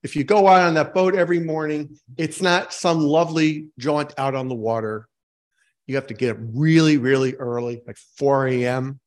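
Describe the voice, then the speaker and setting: A man preaching a sermon in a relaxed, conversational way, asking his congregation questions and poking fun at himself. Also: fairly high pitch, moderate pace. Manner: informal, asks the congregation questions, self-mocking jokes. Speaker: pastor.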